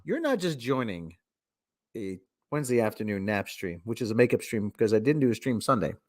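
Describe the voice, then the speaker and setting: A man's voice: on the low side, sing-song, a little fast. A man hosting a casual solo livestream, rambling and cutting himself off, with mock radio-announcer asides. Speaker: livestream host.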